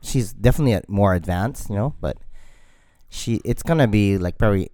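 Low, mellow man with laid-back replies. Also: lively intonation, brisk, dry recording, clean studio sound. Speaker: podcast co-host. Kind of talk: casual chat.

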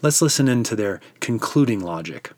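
A man's voice: lowish voice, animated, moderate pace, darkish tone, no room sound. A man narrating a dramatic retelling of a scripture story in a vivid storyteller's manner.

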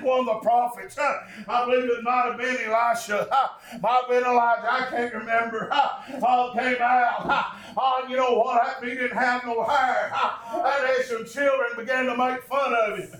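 High-pitched shouting preacher. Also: male voice. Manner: chanted preaching with rhythmic "uh" gasps between phrases. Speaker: pastor. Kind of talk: fiery shouted sermon. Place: church service. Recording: echoey church sanctuary.

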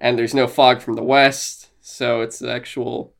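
A man's voice: medium pitch, level tone, unhurried, gravelly. A man in his twenties hosting a podcast in casual chat, rambling and laughing along with many fillers and restarts. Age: 20s. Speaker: podcast host.

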